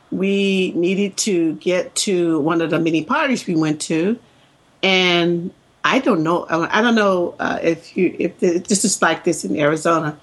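A woman with a softened Southern American accent chats casually as a podcast co-host. Her voice sits a little low. She pauses on fillers and laughs often. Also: low-quality recording. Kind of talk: casual chat.

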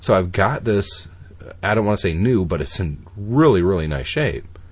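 Husky low-voiced man chatting. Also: animated, moderate pace. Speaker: podcast host. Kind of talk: casual chat.

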